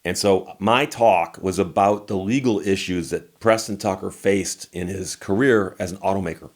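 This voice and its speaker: Low-ish voiced guy, lawyer, telling a story to camera, dry and wry, gets animated quoting himself. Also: normal speed. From United States. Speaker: lawyer and channel host.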